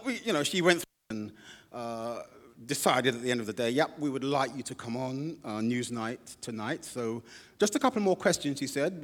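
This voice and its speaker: A man preaching a sermon as a pastor, telling stories with lively acted-out quotes. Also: fairly high pitch, in a large hall. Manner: animated storytelling with acted-out quotes. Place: church.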